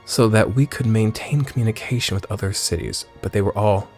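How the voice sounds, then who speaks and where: A man voicing a young male bird keeper in a gruff old pirate-like voice, worried and pleading as he reads game dialogue aloud. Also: lowish voice, a little fast, a little mellow, faint music behind, lightly acted.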